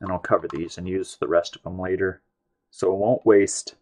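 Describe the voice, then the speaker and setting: A man from the United States hosts a live painting stream, chatting casually and rambling, often trailing off and restarting his sentences. His fairly low voice is steady, mellow and moderately paced.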